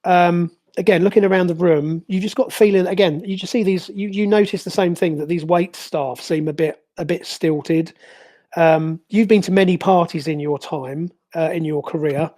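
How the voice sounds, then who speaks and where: A game master narrating a tabletop game, pausing often with fillers and restarts. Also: medium pitch, dark tone. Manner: hesitant, many fillers and restarts.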